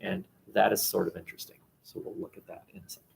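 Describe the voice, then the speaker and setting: A male history teacher giving a classroom lecture, animated and jokey, with many restarts and fillers. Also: deep voice, fast talker, gravelly, recorded from a distance, poor audio.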